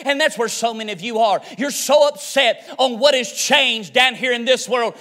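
A man preaching a fiery revival sermon, swinging between shouted lines and hushed ones. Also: very high-pitched, moderate pace, hardly any pauses.

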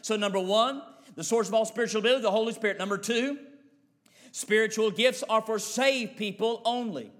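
A man's voice: high voice, a little fast. A man preaching a fervent, emphatic sermon as pastor, speaking straight to his congregation and hammering home repeated phrases. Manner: fervent, emphatic, rising to shouts.

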